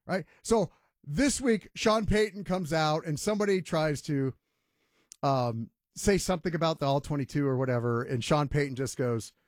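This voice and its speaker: A man's voice: a little high, normal speed, no room sound, clean studio sound. A man hosting a sports talk radio show, ranting emphatically and mocking others in voiced quotes.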